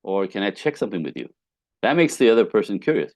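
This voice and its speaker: A man who is a relationship coach, telling client stories on a podcast with lively acted-out quotes and casual swearing. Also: fairly low pitch, fast, dry recording. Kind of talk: podcast interview guest.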